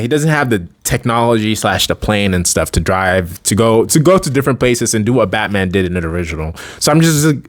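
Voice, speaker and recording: A man giving casual, rambling commentary as a fan video creator, often correcting himself mid-sentence and chuckling between thoughts. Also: on the low side.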